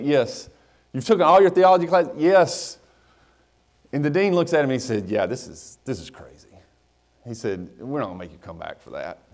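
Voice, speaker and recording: Preacher, middle-aged man, lively pitch, storytelling sermon voice. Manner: animated storytelling, acting out dialogue. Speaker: pastor.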